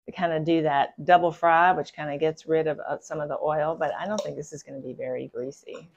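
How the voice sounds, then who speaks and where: A woman's voice: sits low, fairly even intonation, fairly quick, muffled recording. Chatty woman hosting a cooking video. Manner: chatty, enthusiastic, gushing over food. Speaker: cooking channel host. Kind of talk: casual cooking video chat.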